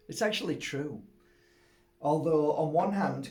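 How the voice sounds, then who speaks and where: A middle-aged man chats loosely to camera, his voice sitting a little higher than most men's. He rambles, laughs often and keeps breaking off to coo at his dog. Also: drawn-out words, long pauses, a little mellow. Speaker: host. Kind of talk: casual chat to camera.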